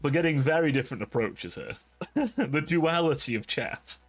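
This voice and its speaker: Over faint music, a young man hosts a live stream in a highish, animated voice at a moderate pace. He chats casually with his viewers, rambling, giggling, and being self-deprecating.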